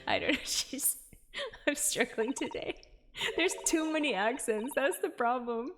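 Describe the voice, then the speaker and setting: A woman's voice: high-pitched, lively intonation, a little slow, a bit bright, soft background music. A young woman streaming a game from home, reading dialogue aloud and reacting playfully with gasps.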